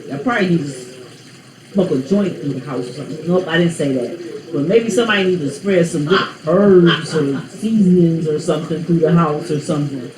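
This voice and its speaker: A woman's voice: deep voice, brisk, background noise. Playful rambling woman vlogger in a roomy room. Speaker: vlog host. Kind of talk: casual chat to viewers.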